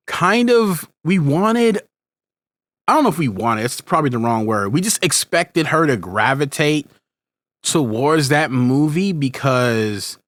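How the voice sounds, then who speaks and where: Rambling podcast host, higher-voiced man. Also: fairly bright tone, no echo, studio quality. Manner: rambling, many restarts and tangents. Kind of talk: casual conversational podcast chat.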